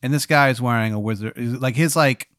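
A man's voice: medium pitch, fast talker, fairly bright tone, clean tone, dry recording, clean studio sound. A man running an improvised hypothetical scenario, narrating loosely with fillers and swearing. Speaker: game master of an improvised hypothetical. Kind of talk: casual improvised storytelling.

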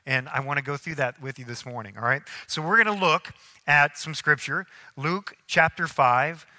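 A man preaching a sermon as a pastor, telling lively stories and acting out the people in them. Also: on the high side, moderate pace. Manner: animated storytelling, acting out people in anecdotes. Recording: long hall reverb.

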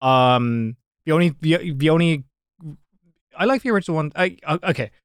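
A man's voice: on the high side, lively intonation, normal speed, clear, resonant tone, no room sound, studio quality. A man co-hosting a podcast, talking playfully with many restarts. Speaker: podcast co-host. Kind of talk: casual podcast chat.

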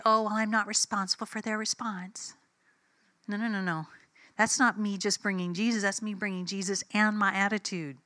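Woman preacher, bright tone, dry close sound, conversational sermon, storytelling. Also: mid-range voice, no echo. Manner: conversational, emphatic, tells anecdotes acting out dialogue. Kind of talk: sermon with personal stories.

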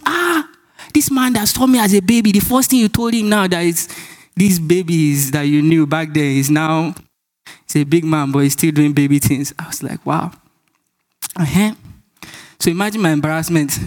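A man with a Nigerian accent preaching a sermon, telling stories, acting out dialogue and laughing often. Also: fairly high pitch. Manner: animated storytelling, acts out dialogue, laughs often.

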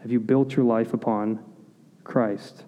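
A man preaching a sermon, earnest, asking rhetorical questions and dropping to quiet intensity at key points. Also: medium pitch, steady tone, unhurried, dull audio. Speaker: pastor. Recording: long hall reverb.

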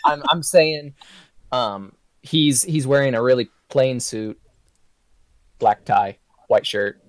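A man speaks slowly and hesitantly as a player at a tabletop game. The sound is dry and close. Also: mid-range voice, no room sound.

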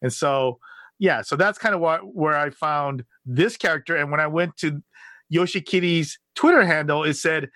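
A man co-hosting a podcast in casual chat, animated and rambling, full of fillers and restarts. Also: on the high side, moderate pace, no echo. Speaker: podcast co-host.

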